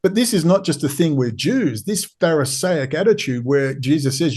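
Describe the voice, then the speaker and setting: A man with an Australian accent pleads his case as a podcast guest. His voice sits a little high for a man. He drives each point home with urgent repetition. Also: lively intonation, normal speed, darkish tone, slightly rough. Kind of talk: impassioned interview talk.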